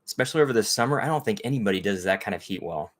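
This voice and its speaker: A man's voice: fairly low pitch, lively intonation, rapid-fire. A man hosting a casual livestream, chatting with viewers in a rambling way and greeting them by name. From Texas. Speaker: livestream host. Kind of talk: casual live chat with viewers.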